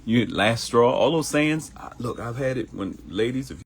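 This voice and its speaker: A man's voice: mid-range voice, expressive, normal speed, husky. A man hosting a live morning show, giving a conversational motivational talk that mixes preaching with comedy and acts out quoted voices. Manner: preachy and conversational, addresses listeners as y'all. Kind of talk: motivational live-stream monologue. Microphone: streaming live.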